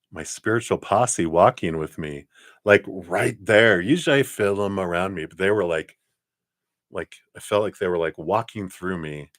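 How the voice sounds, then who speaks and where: A man's voice: sits low, dry recording, studio quality. A man giving live-stream tarot readings, chatty and upbeat, rambling from card to card. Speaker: tarot reader.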